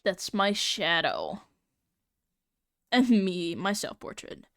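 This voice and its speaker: A woman's voice: lowish voice, very animated, slow pace, fairly bright tone, dry recording, studio quality. A young woman live-streaming as she draws, chatting casually in a giggly, rambling, playfully exasperated way. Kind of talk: casual live-stream chat while drawing.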